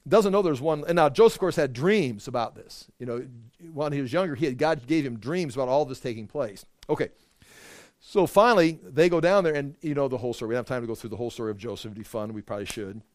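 A man's voice: mid-range voice, fast talker, a little mellow, dry recording, clean studio sound. A man preaching a sermon, retelling scripture in a casual storytelling way with asides and jokes.

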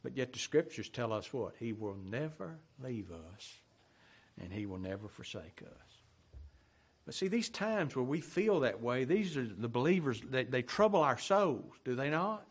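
A man preaching a sermon, asking the congregation rhetorical questions, rising loud and then dropping soft at the ends of phrases. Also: medium pitch, very animated, measured pace, husky.

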